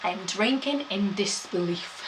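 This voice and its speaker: A woman's voice: mid-range voice, lively intonation, slow pace, noisy background. A woman gives a chatty live-streamed history talk, laughing often and answering chat.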